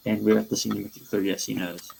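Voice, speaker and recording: Gravelly-voiced man chatting on a podcast. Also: lowish voice, flat delivery, brisk, darkish tone, a little hiss or hum, poor audio. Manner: stumbling restarts. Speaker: podcast co-host. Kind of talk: casual pop-culture podcast chat.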